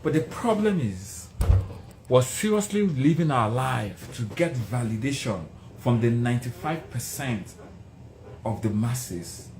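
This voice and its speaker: A middle-aged man preaches success with passion and emphatic repetition. His mid-pitched voice carries through a roomy, echoing space with a faint hum of background noise. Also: expressive, unhurried. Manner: passionate, emphatic, repeats phrases for effect. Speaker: motivational speaker. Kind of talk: motivational speech.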